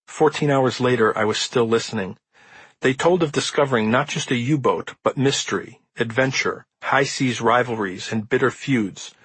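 A man reading the introduction to his own nonfiction book as an audiobook, in measured, earnest storytelling. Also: mid-range voice, fairly bright tone, husky, no echo, low-quality recording. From Midwestern United States. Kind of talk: audiobook narration.

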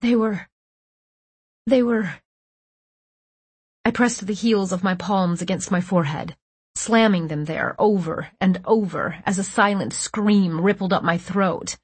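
A woman's voice: fairly low pitch, moderate pace, husky, no room sound. A woman narrating a first-person story in a tense, breathless storytelling manner on a close studio mic. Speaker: audiobook narrator.

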